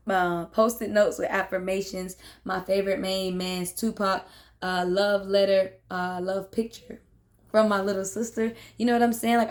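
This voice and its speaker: A young adult woman hosting a casual book discussion, talking in a relaxed conversational way and often checking in with "right?" and "you know what I'm saying". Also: medium pitch. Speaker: host of a self-love book discussion. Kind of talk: casual reflective talk.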